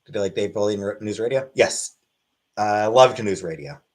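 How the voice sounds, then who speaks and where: A man hosting a casual livestream Q&A, reading chat questions aloud and answering in a wry, deadpan way. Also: on the low side, moderate pace. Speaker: livestream host.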